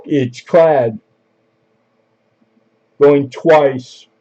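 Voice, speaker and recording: A man's voice: a little high, drawn-out words, dark tone, dull audio. A man hosting a live coin auction stream, calling bids in a casual, joking, chatty way.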